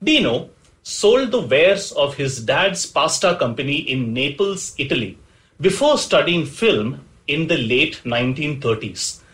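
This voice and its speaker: A man's voice: a little high, very animated, unhurried, fairly bright tone, poor audio. A man hosting a storytelling podcast, narrating from a script with playful, chatty asides to the listener. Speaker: podcast host.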